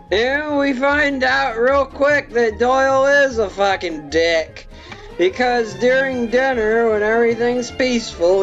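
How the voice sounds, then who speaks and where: A drunk film reviewer rambling through a profane comic plot recap. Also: mid-range voice. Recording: dull lo-fi with faint music.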